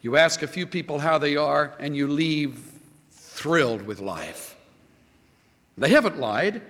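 A man preaching a sermon as pastor, emphatic and lively, quoting scripture. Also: on the high side, takes it slowly, big-room sound.

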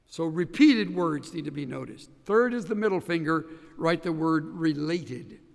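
Gravelly high-voiced man teaching the Bible. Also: unhurried, in a large hall. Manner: emphatic, animated, directs listeners step by step.

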